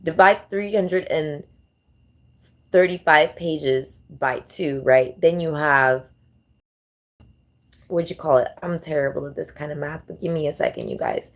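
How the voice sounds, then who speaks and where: A woman hosting a casual vlog, rambling and thinking out loud as she fumbles through numbers. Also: low voice, big pitch swings, unhurried, pauses often. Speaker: channel host.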